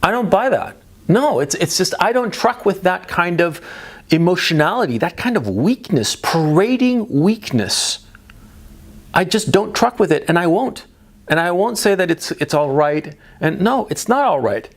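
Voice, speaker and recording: A man delivering a blunt, emphatic, profane monologue to the camera as a video commentator. He swings between low muttering and sharp, higher emphasis. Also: very animated, a little slow.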